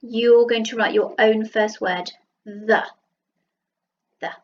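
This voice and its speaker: A woman with a Southern English accent teaching a phonics lesson to young children, sounding out letters slowly and praising them. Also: fairly high pitch, steady tone, highs cut off, a little hiss or hum. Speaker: primary school teacher. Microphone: computer mic while writing with a mouse.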